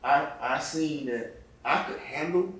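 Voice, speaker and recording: A middle-aged man telling his life story in an interview, heartfelt and halting, often repeating words. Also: fairly high pitch, a bit bright. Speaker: interviewee giving testimony. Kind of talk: personal testimony interview. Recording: echoey room, distant mic, faint noise.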